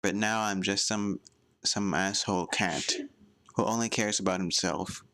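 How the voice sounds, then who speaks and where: A man voicing a remorseful young male cartoon cat who speaks softly and apologetically. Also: lowish voice, fairly even intonation, a little slow, dry recording. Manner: soft, apologetic, comforting.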